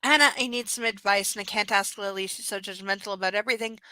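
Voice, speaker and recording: A woman's voice: mid-range voice, fairly even intonation, fast talker, sharp tone, no room sound, close to an everyday voice, poor audio. A woman reading aloud the lines of a bubbly, conspiratorial young woman from a novel, in a gossipy tone. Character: bubbly scheming young woman, playful sister.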